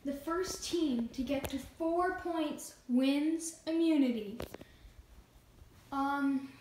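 Playful woman host, high voice, unhurried; halting delivery, echoey room with faint hiss. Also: darkish tone. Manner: halting, with many fillers and restarts. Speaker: host of a toy competition show. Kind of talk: playful hosting of a pretend game show.

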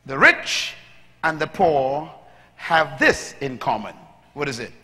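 A man preaching a sermon as a pastor, moving from calm teaching to loud, shouted preaching. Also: a little high, slow pace. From Bahamas. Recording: long hall reverb.

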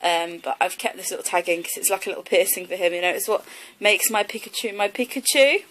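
A woman's voice: medium pitch, fast talker, a bit bright, poor audio. A young woman in her twenties talks through her haul in a loose, rambling way. She fills her sentences with plenty of ums and likes. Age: 20s. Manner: chatty and rambling, many fillers like um and like. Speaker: vlogger. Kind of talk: casual haul video.

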